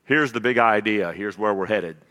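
A man preaching a sermon as pastor, swinging between loud emphasis and quiet asides. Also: on the low side, moderate pace, big-room sound.

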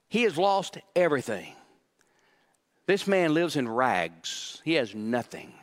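Emphatic male preacher. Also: mid-range voice. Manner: emphatic, repeats key phrases, swings from hushed to loud. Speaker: pastor. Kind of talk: sermon.

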